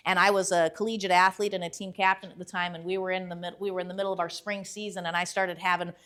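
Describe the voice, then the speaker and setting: A woman motivational speaker telling a story in a lively way. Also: lowish voice, fast. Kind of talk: motivational talk.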